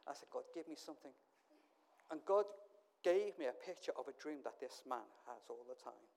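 A pastor preaching through anecdotes. He acts out each exchange in quick back-and-forth and breaks off into wry, self-deprecating asides. His delivery is casual and conversational rather than grand. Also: medium pitch, expressive, a little mellow. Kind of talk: storytelling sermon.

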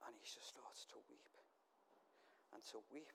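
A man's voice: unhurried, fairly bright tone. A man, a pastor, telling stories in a sermon. He acts out the dialogue and drops in self-mocking asides. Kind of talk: storytelling sermon.

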